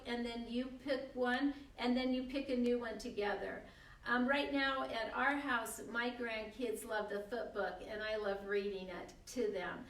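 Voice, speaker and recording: An older woman talks to parents about reading with young children in a warm, encouraging way, often pausing on an um. Her voice sits a little high. She is recorded from some distance, and the room adds a noticeable echo. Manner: friendly and encouraging, with frequent ums. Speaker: early literacy presenter. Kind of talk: talk to parents on shared reading. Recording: echoey room, away from the mic.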